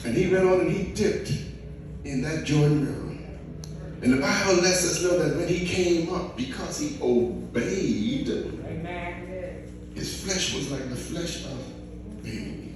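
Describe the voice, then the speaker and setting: A man preaching a sermon, talking straight to his congregation with animated emphasis. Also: a little high, noisy background. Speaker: pastor. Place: church sanctuary. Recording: echoey church hall, mic at a distance, music behind.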